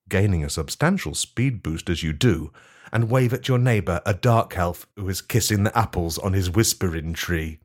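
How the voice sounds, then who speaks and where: A man narrating an absurd comedy tabletop game as game master, in a deadpan storytelling manner. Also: lowish voice.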